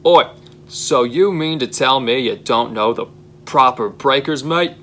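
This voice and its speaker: A young man voicing a gruff, easily angered male boss with a put-on Australian accent. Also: mid-range voice, measured pace, a little hiss or hum, voice pushed up, natural voice. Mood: angry. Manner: loud harsh barking, later softer.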